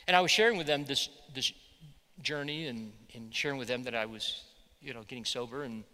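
A man, a pastor, preaching a sermon with animated storytelling. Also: mid-range voice, a little fast, big-room sound. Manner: animated storytelling, voicing quotes loudly.

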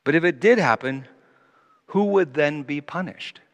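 A man preaching a sermon, animated, moving between loud emphasis and quiet asides. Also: a little high, unhurried, muffled recording. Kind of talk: sermon with Bible teaching. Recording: long reverb of a large hall.

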